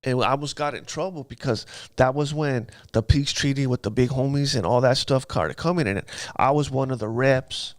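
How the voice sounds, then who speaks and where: A man's voice: medium pitch, moderate pace, few pauses, no room sound, studio quality. A man telling his life story in an interview, in casual street slang, often asking "you know what I mean". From Los Angeles area. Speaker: guest.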